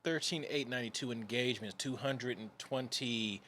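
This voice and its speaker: A man's voice: mid-range voice, moderate pace, bright, forceful tone, slight background noise. A man co-hosting a pop culture podcast, wry and exasperated as he reads out stats. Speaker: podcast co-host. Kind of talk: casual chat.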